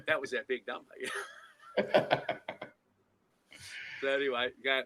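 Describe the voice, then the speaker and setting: A man's voice: mid-range voice, fairly even intonation, a little slow, pauses often, a bit bright, low-quality recording. Rambling man telling stories. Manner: rambling anecdotes with restarts and acted-out quotes. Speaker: co-host, musician telling stories. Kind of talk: casual chat, storytelling.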